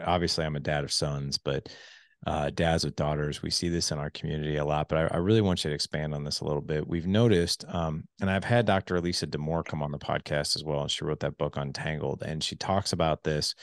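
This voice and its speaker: A middle-aged man hosting a casual podcast interview, telling stories with many fillers and jumping high when he quotes people. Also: no room sound, studio quality. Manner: animated storyteller, many fillers, voice jumps high when quoting. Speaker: podcast host.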